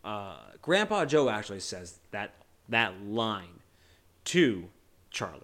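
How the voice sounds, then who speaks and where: Male podcast co-host, lower register, loose joking delivery that restarts itself often. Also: big pitch swings, slow, fairly bright tone. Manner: joking, loose, swears casually; rambling with many restarts. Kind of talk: casual movie discussion.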